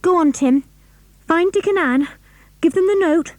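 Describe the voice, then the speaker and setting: A woman's voice: fairly high pitch, animated, unhurried, mellow, no echo, voice pushed up. A woman voicing a stubborn, fierce tomboy girl in an audiobook. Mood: urgent. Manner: stubborn, emphatic. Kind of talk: audiobook character reading.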